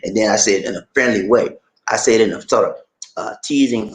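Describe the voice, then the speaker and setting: A man living abroad talking casually to his viewers, animated, acting out shop conversations and repeating phrases for emphasis. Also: fairly low pitch, fast, echoey room. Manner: animated, acts out shop dialogues. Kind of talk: casual live-stream talk to viewers. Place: indoors, in the Philippines.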